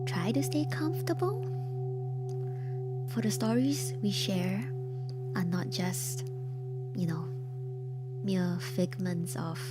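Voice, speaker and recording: A young woman hosting a horror story stream, speaking in a slow, hushed, half-whispered and theatrical way, like a spooky storyteller setting the mood. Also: medium pitch. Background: soft ambient music with singing bowl tones.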